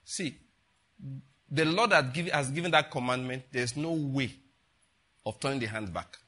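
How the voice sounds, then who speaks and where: A man's voice: mid-range voice, normal speed, bright, forceful tone. An older man, a pastor giving a chatty, rambling sermon full of rhetorical questions to the congregation. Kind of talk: conversational sermon.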